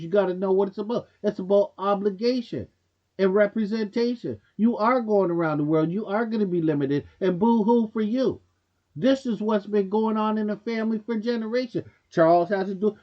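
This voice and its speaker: A man's voice: high voice, muffled recording. A man hosting a commentary show, giving a blunt, preachy opinion monologue straight to viewers in loose casual speech. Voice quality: casual speech with dropped grammar.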